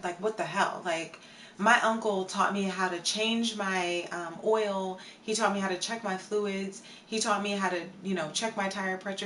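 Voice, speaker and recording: A woman live streamer telling a story in casual chat and answering her viewers, animated, with casual swearing. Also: mid-range voice. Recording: roomy sound from a distance, faint background noise.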